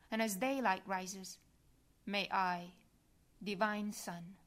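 A woman reading the words of Jesus as a gentle, suffering man, in a soft, slow, hushed devotional voice. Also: medium pitch.

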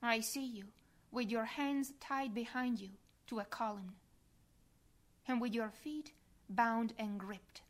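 A woman reading a devotional meditation aloud in a soft, prayerful manner that sometimes drops to a whisper. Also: fairly high pitch, slow.

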